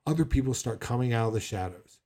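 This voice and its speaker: Man, pastor, sermon, conversational, acts out quotes, mellow tone. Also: medium pitch, expressive, fast talker.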